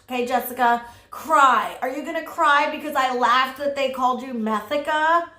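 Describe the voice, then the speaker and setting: A high-pitched woman ranting through casual drama commentary, blunt and sassy with plenty of swearing. Her voice bounces around a roomy, echoey space. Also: fairly bright tone. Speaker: commentary YouTuber.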